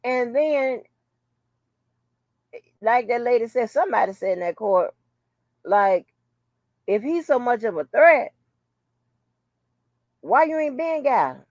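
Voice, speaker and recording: A woman's voice: fairly high pitch, lively intonation, slow, long pauses, a little mellow, dry recording, dull audio. Blunt, profane woman chatting on a live stream. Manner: greets viewers by name, blunt and profane. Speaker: channel host. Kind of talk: casual live-stream chat.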